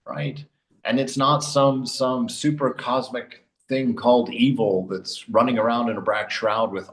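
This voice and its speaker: A man teaching spiritual commentary, exhorting his listeners forcefully and laughing between points. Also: medium pitch. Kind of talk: spoken religious commentary. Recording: roomy echo.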